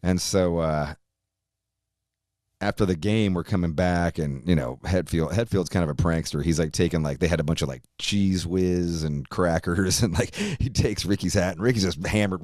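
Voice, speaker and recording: A man's voice: sits low, darkish tone, no room sound, clean studio sound. A middle-aged man from Virginia, a podcast guest telling a story in a rambling, profane way and laughing often. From Virginia, USA. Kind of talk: casual storytelling.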